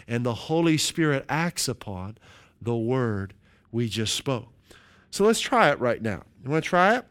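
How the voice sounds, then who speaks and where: A man preaching a sermon as pastor, leading his congregation through slow, emphatic call-and-response lines. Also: mid-range voice, sing-song, fairly bright tone.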